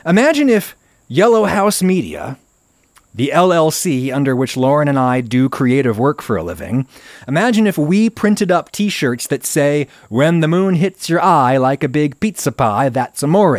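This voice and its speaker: A man giving an opinionated explanatory commentary on a video, talking in an animated way that climbs into emphatic outbursts. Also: fairly high pitch, measured pace, dry recording. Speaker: video essayist.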